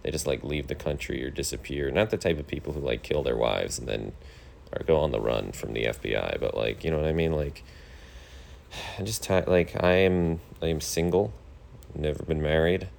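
A thirty-year-old man hosting his own podcast, rambling through a casual monologue in a deadpan, complaining way, with lots of fillers. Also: very deep voice, normal speed, gravelly, slight background noise. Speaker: podcast host.

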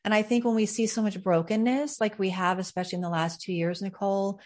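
A woman's voice: medium pitch, fairly even intonation, quick pace, darkish tone. A woman hosting a faith podcast, talking reflectively with frequent fillers. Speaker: podcast host.

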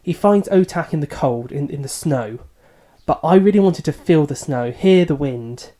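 A man co-hosting a book podcast. His voice is mellow and warm, and his delivery is thoughtful and a little self-deprecating, as he hedges his opinions in a casual chat. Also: fairly high pitch, animated, normal speed. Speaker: podcast co-host.

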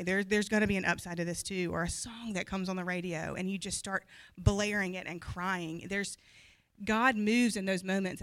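A woman in her thirties giving a candid, earnest personal testimony to a church group, talking fast at times and laughing easily. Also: mid-range voice, fairly bright tone. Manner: open and earnest, quick when anxious, laughs easily. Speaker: pastor's wife sharing her story.

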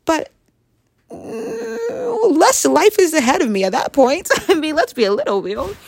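Speaking in a high, sing-song voice at a slightly fast clip, a young woman vlogger chats casually despite a head cold. She wanders from topic to topic, confessional and self-mocking.

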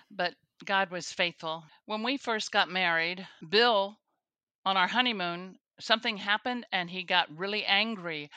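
A woman's voice: mid-range voice, sharp tone, dry recording. A woman, a guest on a faith show, telling her own story earnestly, with restarts and the odd laugh. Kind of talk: personal testimony interview.

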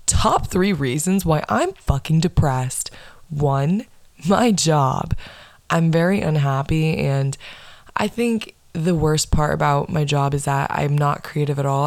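A woman's voice: low voice, darkish tone, no echo. A young woman in her twenties hosting a casual solo podcast, ranting bluntly with plenty of swearing and sarcasm. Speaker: podcast host.

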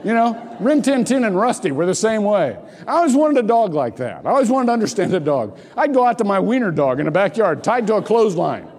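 A man's voice: high-pitched, a little fast, hardly any pauses, husky. An older man preaching a sermon as pastor, telling jokey stories with lots of repeated words. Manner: animated storytelling, jokey asides, repeats words. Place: church sanctuary. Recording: long hall reverb.

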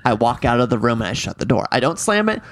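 A man in his twenties, a podcast co-host, telling a story in a casual, animated way, swearing freely and acting out what people said. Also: mid-range voice, fast. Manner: animated, swearing, acts out quotes.

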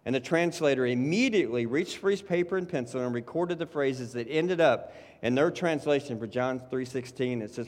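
A man's voice: medium pitch, fairly quick, a little mellow. A man preaching a sermon in a loose, conversational way, often adding "you know" and "right". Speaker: pastor. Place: church sanctuary. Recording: reverberant church hall.

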